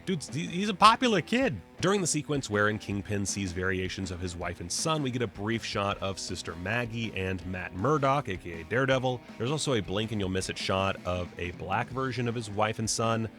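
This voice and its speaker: A man hosting a casual pop-culture video, talking in a chatty, joking, excitable way. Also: lowish voice, brisk, hardly any pauses, soft background music. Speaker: film video host.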